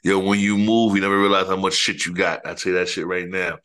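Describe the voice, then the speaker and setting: A man's voice: sits low, level tone, fast, pushed and bright. A middle-aged man, a podcast co-host, chatting in a laid-back, teasing way. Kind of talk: casual podcast chat.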